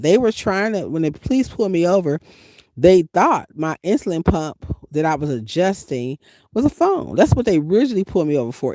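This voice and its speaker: A woman from the US Midwest, a van-life vlogger chatting casually with viewers and telling her travel stories with animated, emphatic delivery. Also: no echo. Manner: animated, emphatic storytelling with big pitch swings. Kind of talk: casual livestream chat.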